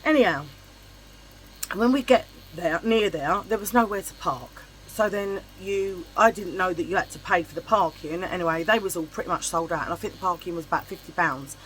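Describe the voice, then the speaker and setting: Poor audio with a little hiss or hum carries a middle-aged woman's lowish, fairly quick voice as she tells a long story in her casual vlog. Her chit chat is blunt and animated, with free swearing and acted-out voices.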